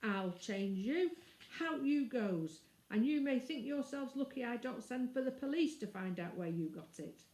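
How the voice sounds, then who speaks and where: A woman reading aloud, voicing a stern, gruff male shopkeeper who speaks curtly and slowly with a threat in his voice. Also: fairly low pitch, warm tone, echoey room, lightly acted. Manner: curt, threatening, slow.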